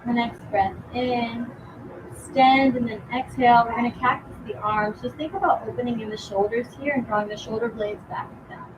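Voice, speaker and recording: A young woman teaching a yoga class outdoors, giving calm, encouraging cues with casual fillers, a bit out of breath. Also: a little high, moderate pace, dull audio, background noise. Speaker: yoga instructor. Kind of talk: guided yoga class instruction.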